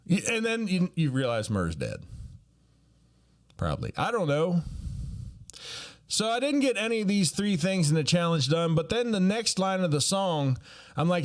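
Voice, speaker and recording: Animated comedian telling a story. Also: male voice, high voice, normal speed, pauses often. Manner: folksy, animated, acts out quoted voices.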